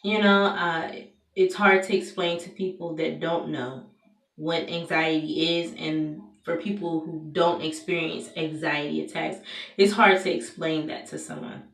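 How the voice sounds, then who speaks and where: A young woman speaks candidly in a personal vlog, pausing on fillers and restarting her sentences. Her voice sits a little low and carries the ring of a bare room. She talks from some distance away from the mic. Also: fairly even intonation, vocal fry, a bit bright, echoey room. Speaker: vlogger.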